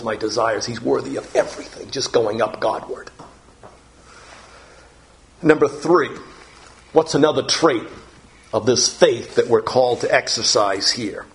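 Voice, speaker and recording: A man preaching a morning sermon as pastor, earnest, repeating phrases and pushing his voice up on the key words. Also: medium pitch.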